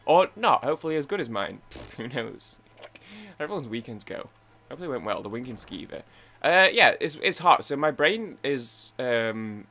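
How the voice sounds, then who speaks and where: Brief: young male gaming host, chatty rambling commentary, mid-pitched, stumbles over words. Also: sharp tone. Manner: rambling, chatty, talking to himself. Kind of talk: gameplay commentary.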